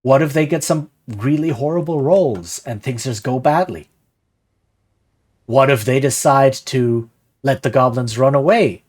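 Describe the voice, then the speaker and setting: A man's voice: mid-range voice, unhurried. A man streaming live, talking casually and animatedly about running tabletop games, often asking "right?" and answering chat. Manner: animated, rhetorical, frequent "right?"; reads chat aloud and replies. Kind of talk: casual livestream talk on game design.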